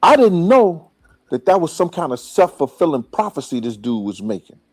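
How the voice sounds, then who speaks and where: A man's voice: fairly high pitch, very animated, normal speed, darkish tone, no room sound. A man recounting a personal story in casual slang, played from an interview clip. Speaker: interview guest.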